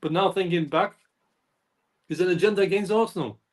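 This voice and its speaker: A man with a notably high voice talks football in a loose, rambling way. He circles back over his points, repeats phrases and slips into imitations of others. It sounds like casual fan chat over a call. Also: fairly quick. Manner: rambling, repeats himself, mimics others' speech. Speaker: fan channel co-host.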